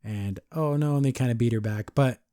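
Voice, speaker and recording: A man's voice: mid-range voice, a little fast, warm tone, no room sound, studio quality. A man casually recapping a cartoon episode, rambling with lots of "like" and acting out the characters' lines as he goes. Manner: rambling, heavy use of "like", acts out quotes. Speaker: podcast reviewer.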